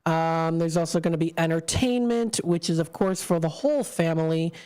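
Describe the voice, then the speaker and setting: A woman's voice: sits low, normal speed, dark tone, clear, resonant tone. A woman hosting a live local radio show, upbeat and friendly, reading promos and chatting on a studio mic. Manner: upbeat, friendly, stumbles on names. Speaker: radio host. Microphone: studio microphone.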